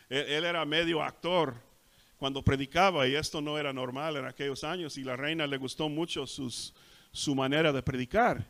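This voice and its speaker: A middle-aged pastor preaching a sermon in a church, switching languages and telling stories with animated acted-out voices. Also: on the high side. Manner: animated storytelling, acts out voices. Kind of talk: bilingual sermon, self-translating. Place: church sanctuary.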